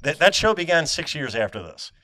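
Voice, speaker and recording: A man co-hosts a comedy podcast and presses his argument like a mock prosecutor. His pitch rises and falls in a lively way, and he stammers on restarts. The sound is dry and close. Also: brisk, dry recording. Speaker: podcast co-host. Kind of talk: casual comedic debate.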